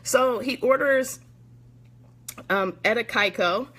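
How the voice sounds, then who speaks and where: A woman's voice: on the high side, slow pace, a bit bright. A woman telling a personal story in a chatty, casual way, full of slang and asides to her listeners. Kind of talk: conversational storytelling monologue.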